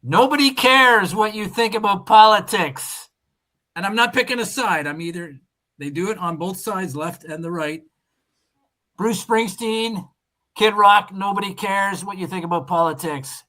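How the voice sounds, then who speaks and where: A man's voice: high voice, unhurried, pushed and bright. A man hosting a comedy podcast in casual chat, steering the talk from one segment to the next. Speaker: podcast host.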